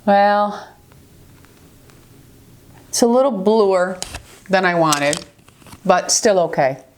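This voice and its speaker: A woman's voice: mid-range voice, animated, very slow, darkish tone. An older woman from New York with a New York accent, giving a chatty, affectionate makeup tutorial and often checking in with her viewers. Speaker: beauty vlogger.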